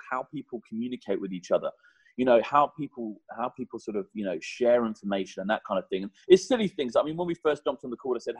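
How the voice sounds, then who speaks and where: Guest: quick, husky man in his thirties, lively chatty delivery, dry sound. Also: medium pitch, dry recording, low-quality recording. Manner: animated, chatty, swears mildly. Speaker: guest, personal trainer. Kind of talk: podcast conversation.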